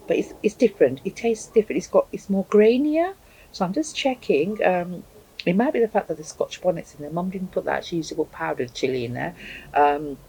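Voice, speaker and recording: Chatty woman with a husky voice. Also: on the low side, mellow, poor audio. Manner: chatty, thinks aloud with many ums. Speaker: hot sauce reviewer. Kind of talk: casual chat to camera. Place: home, indoors with a cat.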